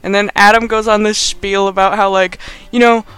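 A young man recaps a movie on his podcast in a loose, rambling way, tossing in sarcastic asides. His voice is high, bright and crisp. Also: flat delivery, normal speed, no echo, faint music behind. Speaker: podcast host.

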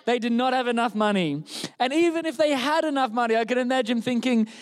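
High-voiced pastor, playful. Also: male voice, fast. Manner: playful, animated storyteller. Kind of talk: sermon. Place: church service.

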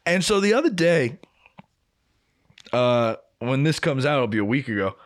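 A young man co-hosting a podcast speaks at normal speed in a mid-range voice, pausing often as he casually tells a long work story. He swears a lot and animatedly acts out both sides of quoted exchanges.

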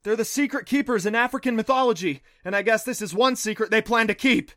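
A man voicing an eager, adventurous young boy in a storybook reading, excitable and a bit boastful. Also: on the high side, moderate pace, pitched above the performer's own voice. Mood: yelling urgently.

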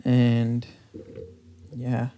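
A man's voice: mid-range voice, completely flat delivery, extremely slow, warm tone. A young man hosting his own podcast, rambling loosely and mocking himself, sounding tired and lethargic. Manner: rambling, self-mocking, loose storytelling with lots of fillers. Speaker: podcast host. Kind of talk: casual solo podcast rambling.

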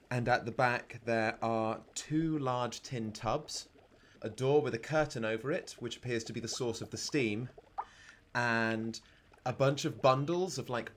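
A man narrating a tabletop game as game master for a podcast. His voice is bright and forceful, and he sounds playful, often breaking into laughter. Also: mid-range voice.

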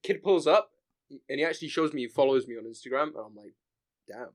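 Young male podcast host, brash, swears freely, pitched a little high. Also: lively intonation, a little fast. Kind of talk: casual chat.

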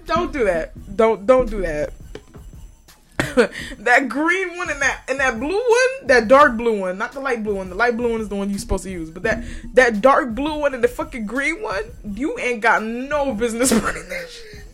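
A woman's voice: fairly high pitch, sing-song, normal speed, soft background music. A woman hosting a podcast, delivering a profane comedic rant and laughing often. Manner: profane, loud, laughs a lot, yells mid-story. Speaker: podcast host. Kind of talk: casual comedic monologue.

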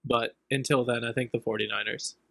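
A young man co-hosting a sports podcast, giving relaxed, measured picks in casual chat. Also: mid-range voice, vocal fry, dry recording. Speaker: podcast co-host.

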